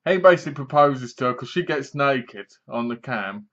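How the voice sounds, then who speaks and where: A man's voice: medium pitch, expressive, normal speed, fairly bright tone. A man casually reviewing a film to his webcam, retelling the plot in a rambling way and laughing at the jokes. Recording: dull lo-fi webcam audio.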